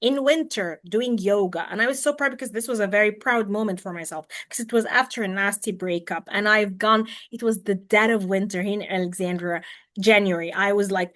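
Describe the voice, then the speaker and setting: A woman hosting a podcast over a video call, talking casually and animatedly, swinging between soft and loud and acting out what others said. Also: mid-range voice. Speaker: podcast host.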